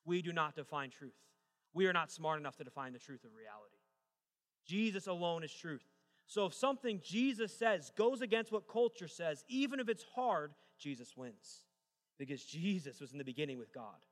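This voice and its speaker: A man's voice: a little high, lively intonation, normal speed. A young adult man preaching a sermon as pastor, moving from joking storytelling to emphatic preaching. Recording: long reverb of a large hall.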